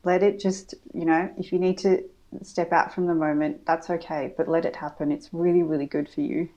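A woman's voice: low voice, steady tone, normal speed, dark tone. A woman with an Australian accent, a podcast guest, speaking in an earnest, encouraging way. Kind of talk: casual podcast conversation.

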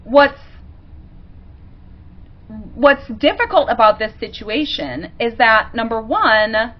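A woman hosting a podcast, explaining ideas in a casual teaching monologue. She talks conversationally and slips into quick acted examples. Her voice sits fairly high, and the audio is dull and lo-fi. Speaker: podcast host.

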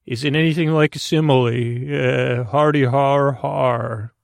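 A man putting on the voice of an excitable, eccentric older male scientist, with a creaky voice. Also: medium pitch, measured pace, dry recording, clean studio sound. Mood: zany.

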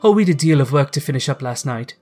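A man voicing a cheerful young working daughter who talks in a brisk, hurried way. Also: low voice, darkish tone, faint music behind, pitched above the performer's own voice. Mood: apologetic.

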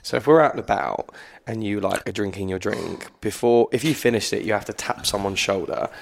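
A young man with a low voice jokes and rambles through casual podcast banter. He speaks loosely, with filler words and quick asides to his co-host. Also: vocal fry. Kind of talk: casual chat.

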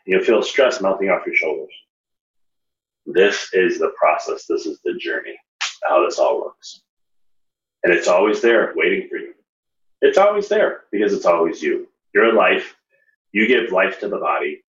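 A man in his thirties hosting a reflective spiritual talk, earnest and animated as he tells stories. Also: low-pitched, moderate pace, pauses often, a little hiss or hum. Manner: earnest, animated storytelling with rising emphasis. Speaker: podcast host. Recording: echoey, slightly dull room recording.

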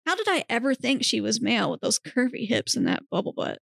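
Woman host, narrator; higher voice with vocal fry, dry close mic. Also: very animated, a little fast, dry recording. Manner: straight-faced narration, breaks into giggles. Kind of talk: comedic reading of erotic fiction.

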